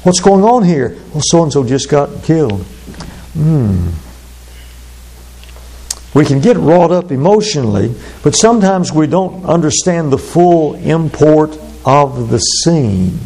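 Gravelly preacher man. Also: fairly high pitch, animated, warm tone. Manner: measured, drawn-out delivery with sudden fast asides. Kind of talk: sermon.

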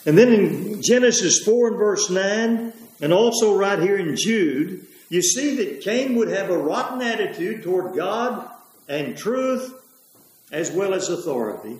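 Emphatic preacher in an echoey hall. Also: male voice, high-pitched, animated, a little mellow. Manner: emphatic, drawn-out repetitions. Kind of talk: sermon.

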